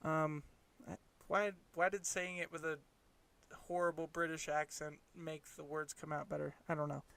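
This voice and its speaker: A man's voice: a little high, completely flat delivery, moderate pace, creaky, fairly bright tone. A man hosting a podcast, giving casual advice in an encouraging, rambling way with frequent restarts. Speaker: podcast host.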